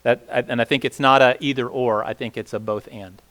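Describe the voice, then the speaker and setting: A man's voice: medium pitch, fairly even intonation, a little fast, a bit bright. A man leading a casual Bible teaching session, talking conversationally with many fillers and asking the group questions.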